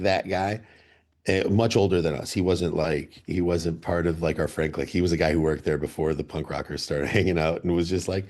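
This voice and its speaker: A man's voice: low voice, steady tone, a little fast, a little mellow. A man from the Chicago area, a band member guest in a radio studio, telling rambling anecdotes with many restarts. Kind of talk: casual interview storytelling.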